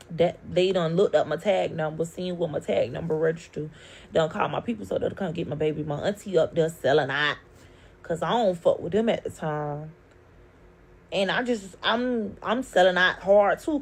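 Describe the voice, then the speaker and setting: A young woman, telling a story with animated, profane emotion. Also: fairly low pitch, creaky, slight background noise. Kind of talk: storytime vlog.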